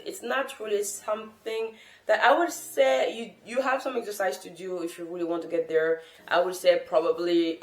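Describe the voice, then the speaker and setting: Earnest French woman in a roomy echo. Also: low voice. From France. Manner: earnest, thoughtful, encouraging. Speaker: language-learning vlogger. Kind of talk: casual talk to camera.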